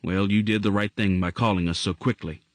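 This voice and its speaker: A man playing a calm, reassuring paramedic. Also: lowish voice, brisk, no echo, lightly acted. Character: brisk adult male paramedic, calm and friendly.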